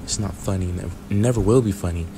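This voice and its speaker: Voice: low-pitched, quick pace, crowd noise. A man playing an irritable young boyfriend in a role-play clip, scornful, swearing and repeating himself. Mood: contemptuous.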